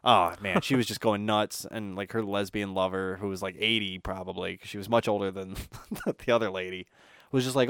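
A man's voice: lowish voice, brisk, fairly bright tone, clean tone, dry recording, studio quality. A man co-hosting a podcast, telling a rambling story in casual chat, swearing often and filling with "like". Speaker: podcast co-host.

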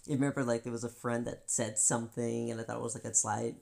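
A woman co-hosting a podcast, talking candidly about feelings in an animated way, often acting out voices and laughing. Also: a bass voice, fast, gravelly. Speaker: podcast co-host. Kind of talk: candid personal chat.

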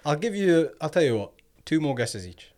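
A man's voice: fairly high pitch, sing-song, a little mellow. A man hosting a casual football podcast, quizzing his co-hosts and drawing out his questions. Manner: quizzing co-hosts, teasing, drawn-out prompts. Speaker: podcast host.

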